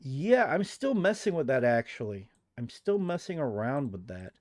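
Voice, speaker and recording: A man's voice: mid-range voice, big pitch swings, normal speed, a little mellow, dry recording, studio quality. A young man from the United States live-streaming at home, chatting goofily with viewers while he works. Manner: goofy, chatty, talks to chat while working. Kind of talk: casual live-stream chat.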